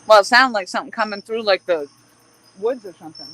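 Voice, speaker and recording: This woman runs a casual fishing livestream outdoors on a riverbank at dusk as crickets sound behind her. Breathless and cheerful, she rambles at a quick pace in an expressive, medium-pitched voice that comes across pushed and bright, on a rough recording.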